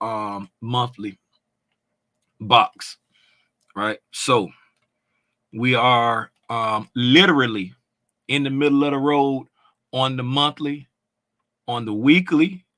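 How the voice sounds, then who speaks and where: A man's voice: medium pitch, sharp tone, no echo. A man casually walking through market charts, thinking aloud with frequent ums and self-corrections. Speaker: trading analyst.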